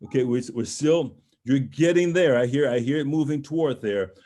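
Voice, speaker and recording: A man in the middle of the male range, coaching a singer through a video call. He talks in halting, encouraging bursts and now and then sings a word or two to show the phrasing. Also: mid-range voice, dark tone. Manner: encouraging, hesitant, sings and speaks sample words in French and German. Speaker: voice coach leading a master class. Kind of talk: online master class coaching.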